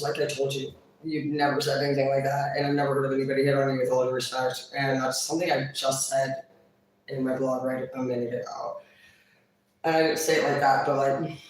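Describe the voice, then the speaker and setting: A woman vlogger talking in a rambling, casual monologue, crude and blunt, swearing constantly. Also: sits low. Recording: echoey room, far from mic.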